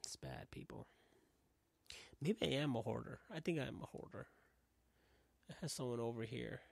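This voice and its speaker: A man's voice: mid-range voice, fairly quick, creaky, dry recording. A man hosting a casual podcast monologue with a New York accent, swearing often and acting out little dialogues. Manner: profane, animated, acts out dialogue in voices. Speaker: podcast host.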